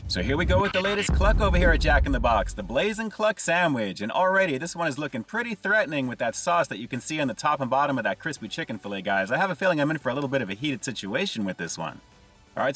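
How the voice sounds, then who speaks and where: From inside a car, a man hosts an upbeat, chatty food review, constantly addressing viewers as "guys" and saying he's "really digging" things. His medium-pitched voice has a fairly bright tone and is picked up by a distant mic.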